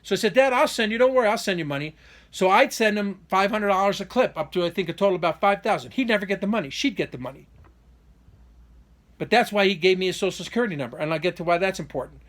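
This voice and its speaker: The voice is high, fast and fairly bright, belonging to a man vlogging a personal update directly to camera. He rambles through an unscripted monologue, starting over frequently. Indignation and grievance color his delivery, which quickens in bursts at the key points.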